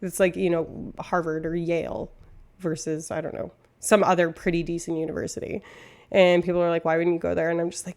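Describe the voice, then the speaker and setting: A woman's voice: on the low side, brisk, darkish tone. A woman from Canada, a streamer chatting casually and rambling, laughing often at herself. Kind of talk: casual chat.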